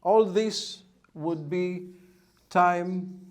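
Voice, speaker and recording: A man's voice: sits high, very slow. A man teaching an English grammar lesson, patiently repeating and spelling out example sentences. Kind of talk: classroom-style grammar lesson.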